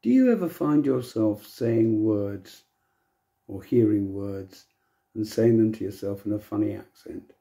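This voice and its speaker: A man's voice: fairly low pitch, lively intonation, a little slow, creaky, dark tone. An older man, musing wryly and playfully in a casual monologue to camera. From England. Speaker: vlogger.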